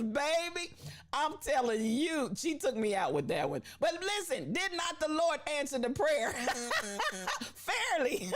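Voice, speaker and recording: A woman hosting a live stream, chatting casually, laughing often and calling her viewers baby and sister. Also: high-pitched. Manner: emphatic, repeats phrases for effect.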